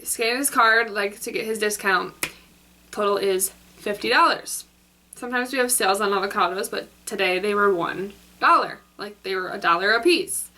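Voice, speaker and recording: A woman's voice: mid-range voice, a little fast, bright, forceful tone. A young woman telling a work story in a casual storytime vlog, chatty and full of "like.". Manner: chatty, filler-heavy, with lots of "like". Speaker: vlogger.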